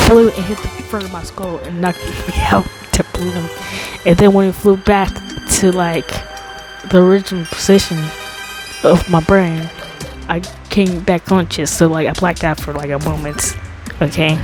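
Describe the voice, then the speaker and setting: Rambling young woman telling a story. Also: fairly low pitch. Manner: rambling, filler-heavy, talks slowly on purpose. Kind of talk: casual storytime monologue. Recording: background music under the voice.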